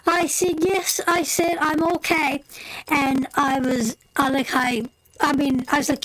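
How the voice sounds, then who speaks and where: A woman hosting a live stream, telling a funny anecdote in a colloquial, animated way and laughing often. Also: high-pitched, normal speed, rough recording. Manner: animated storyteller, breaks into laughter; colloquial, drops into "me" for "my". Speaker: tarot live-stream host.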